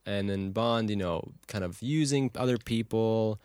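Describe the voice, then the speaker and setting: A man's voice: fairly low pitch, measured pace, darkish tone, clean tone, no echo. Rambling man in a dry room. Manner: rambling, many "you know" fillers. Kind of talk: casual movie-review chat.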